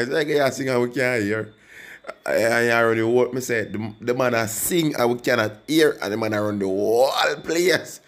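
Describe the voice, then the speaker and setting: Speaking a little fast in a mid-range voice, a young Jamaican-accented man rambles through a song review in patois. He's animated, talks directly to viewers, and runs a music reaction vlog.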